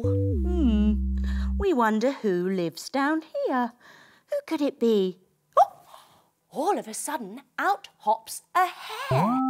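Playful, high-voiced woman leading kids' yoga. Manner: playful, animated, gives gentle instructions. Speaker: kids yoga teacher. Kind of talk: storytelling yoga class for children.

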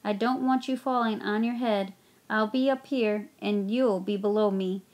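A woman's voice: medium pitch, steady tone, moderate pace, darkish tone, close to an everyday voice. A woman voicing a caring young Irish girl who soothes her little brothers. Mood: soothing.

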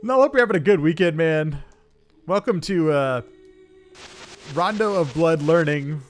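A fairly high-voiced man streams a retro game, his pitch leaping around as he reacts. He chats with viewers and laughs at his own mistakes, with faint music behind him. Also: moderate pace. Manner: animated, laughing, self-deprecating, talks to chat. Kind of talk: live gameplay streaming chat.

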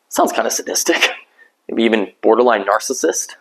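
A pastor preaching a sermon in a conversational, self-deprecating way, acting out little quoted voices along the way. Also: male voice, mid-range voice, lively intonation, a little fast, creaky, slightly rough, low-quality recording.

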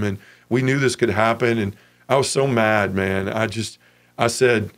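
Guy in his 40s from memphis telling his story straight, kinda low voice, lots of "man" and "dude". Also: steady tone, normal speed. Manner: casual and frank, peppered with "man", "dude" and "like". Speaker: interview guest. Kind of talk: candid personal testimony.

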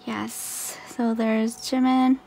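A woman vlogger chatting casually through an unboxing, gushing and excitable with frequent laughs. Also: a little high, gravelly, slight background noise.

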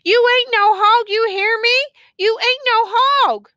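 A grieving elderly woman pleads in slow, drawn-out lines that climb high, as a woman reads her in an audiobook. The voice is bright and dry, close to the ear. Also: expressive, no echo, dull audio, exaggerated voice. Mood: pleading.

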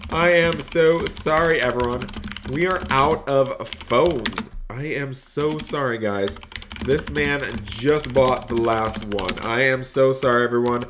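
A man's voice: medium pitch, takes it slowly, background noise. A man plays a cheerful phone store clerk in a live-streamed game role-play, rattling off repetitive sales patter. He breaks off to thank and address his chat, and faint keyboard typing sits in the background. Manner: upbeat salesman patter, repeats phrases; reads and thanks chat between lines.

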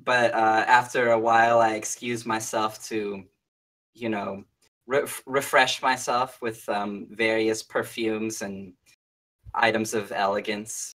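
Slow, mock-genteel tabletop player. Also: mid-range voice, flat delivery, fairly bright tone. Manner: slow, deliberate, mock-refined. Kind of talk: tabletop role-play, half in character.

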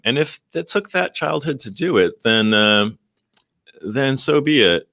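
A man's voice: medium pitch, lively intonation, measured pace, gravelly, bright, forceful tone, no echo, studio quality. A man, a guest on a live talk show, talking reflectively in casual conversation with many restarts.

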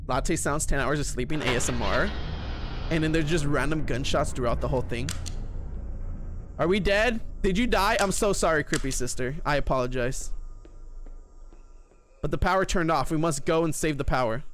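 A man's voice: on the high side, normal speed, pauses often, soft background music. A man streaming a horror game, talking to his chat and shrieking whenever something scares him. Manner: excitable, shrieks when scared. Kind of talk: live gameplay commentary.

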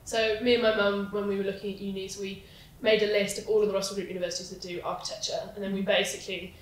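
A young woman from England, an architecture student, chatting casually and telling quick stories in a group. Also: mid-range voice, flat delivery, echoey room, far from the mic, low-quality recording. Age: young adult.

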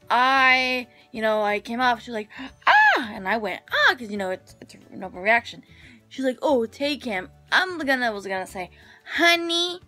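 A woman talks straight to camera in a bright, clear voice. She rambles through her day, full of "like" and restarts, over faint music. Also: medium pitch. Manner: rambling, filler-heavy storytelling. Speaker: vlogger. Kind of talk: casual chat to camera.

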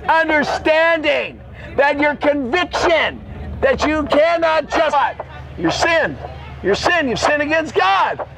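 An older man preaching in the open air, fervent and scolding, often shouting at his listeners. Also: very high voice, animated, slow pace, vocal fry, some chatter behind, rough recording. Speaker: street preacher. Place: city street outdoors.

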